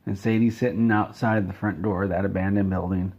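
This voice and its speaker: Low, husky man telling a deadpan tale. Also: brisk, highs cut off. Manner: deadpan, rambling with self-corrections. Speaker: comedic storyteller. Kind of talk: absurd comedic story told straight-faced.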